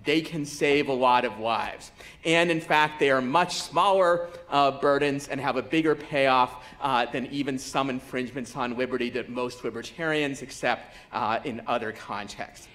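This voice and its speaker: A man speaking in a formal debate, laying out his points in a measured, methodical way. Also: mid-range voice, a bit bright.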